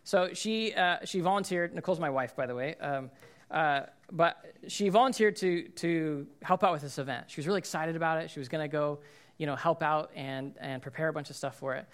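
Guy pastor preaching real casual, keeps asking "right?", voice a bit on the high side, acts out people's lines. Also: brisk, clear, resonant tone. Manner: casual, checks in with listeners. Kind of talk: conversational sermon.

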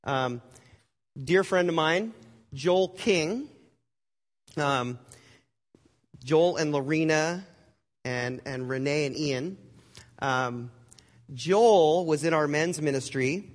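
A male pastor telling a story in a sermon, in a conversational way, acting out the voices he quotes and swinging between loud and hushed. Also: a little high. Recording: long hall reverb.

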